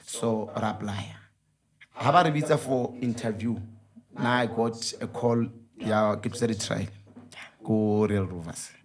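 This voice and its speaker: A man, a guest footballer, recounting his career in lively, code-switched chat. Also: fairly low pitch, unhurried. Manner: animated, code-switching between English and Sotho. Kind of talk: casual chat.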